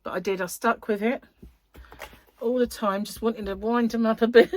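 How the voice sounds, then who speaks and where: A woman's voice: fairly high pitch, fairly even intonation, normal speed. A woman hosting a crochet vlog, chatting in a rambling, giggly way. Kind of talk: casual chat.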